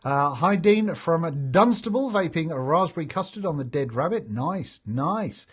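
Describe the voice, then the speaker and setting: A man's voice: a little high, expressive, a little slow, husky. Chatty man reading live chat. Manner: chatty and jokey, laughs often, many fillers. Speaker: host of a live vaping stream. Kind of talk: casual live-stream chat, reading viewer comments aloud.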